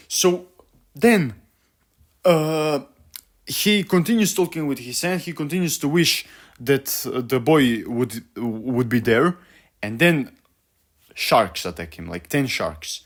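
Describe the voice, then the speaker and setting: A man's voice: mid-range voice, expressive, takes it slowly. A young man ranting about a book he hates, profane and exasperated, stumbling over his words with many fillers. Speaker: vlogger.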